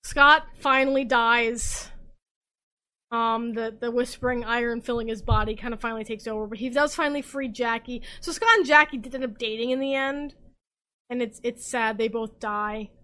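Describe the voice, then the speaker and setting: High, bright-voiced tipsy woman. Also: normal speed. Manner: excitable, swearing, rambling. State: drunk. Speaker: podcast host. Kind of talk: casual recap chat.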